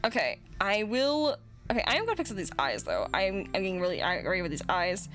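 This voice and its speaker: A woman's voice: mid-range voice, big pitch swings, a little fast, fairly bright tone, faint music behind. A young woman chatting casually as a streamer, rambling and swearing with lots of restarts. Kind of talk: casual chat while rigging a model.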